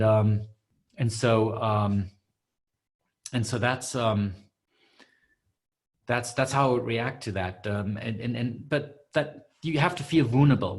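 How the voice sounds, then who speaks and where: A man hosting a live webinar Q&A as a coach, answering questions with many fillers and restarts. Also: lowish voice.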